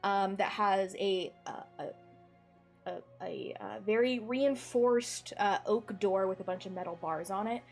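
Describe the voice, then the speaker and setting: Relaxed woman game master narrating. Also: medium pitch, takes it slowly, soft background music. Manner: relaxed, meandering scene description.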